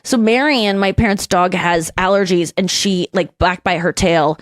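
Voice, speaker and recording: A woman's voice: lowish voice, normal speed, no room sound. A young adult woman hosting a podcast, telling emotional stories in a rambling, casual way. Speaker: podcast host. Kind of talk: casual chat.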